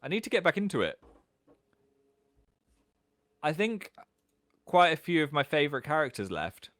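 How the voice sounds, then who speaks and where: A British man in his thirties hosting a casual livestream from home, chatting and reading out viewer comments in an animated way. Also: dry recording. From England. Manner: chatty, animated, quick jumps in pitch. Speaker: livestream host.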